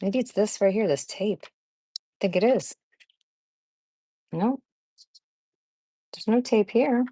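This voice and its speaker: A woman hosting a live craft chat speaks slowly in a mellow, husky, mid-range voice, with long pauses and a dry recording. She's rambling and chatty as she fiddles with and sorts her supplies, frequently laughing and calling out viewers by name.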